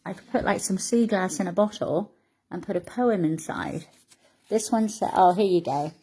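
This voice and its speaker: A middle-aged woman talks to her viewers in a heartfelt, rambling vlog chat, now and then slowing down to read her poems aloud. Her voice is mellow and warm, at an ordinary pitch for a woman. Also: slightly rough. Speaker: vlogger. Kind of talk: casual chat to camera, reading poems aloud.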